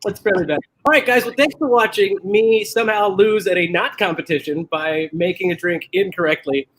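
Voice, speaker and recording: A man's voice: high voice, moderate pace, a bit bright. A man hosting a casual live drinks chat, joking and laughing often. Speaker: host. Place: makeshift bar space without power.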